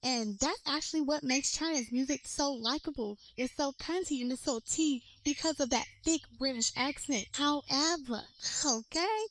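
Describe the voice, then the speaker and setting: A woman's voice: high voice, moderate pace, few pauses, fairly bright tone. A woman from the United States, a content creator, ranting bluntly and profanely to camera in a casual way. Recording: clicky noisy recording.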